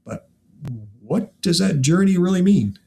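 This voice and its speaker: A man who grew up in the Midwest, hosting a casual chat with an animated, laughing manner and frequent rhetorical asides. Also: high-pitched, measured pace, gravelly, soft background music. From American Midwest. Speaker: podcast host.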